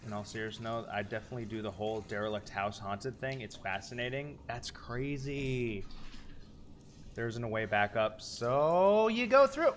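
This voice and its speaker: A man's voice: lowish voice, steady tone, normal speed, a bit bright. A man in his thirties streaming a horror game, reacting aloud, swearing and talking to his chat. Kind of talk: live gameplay commentary.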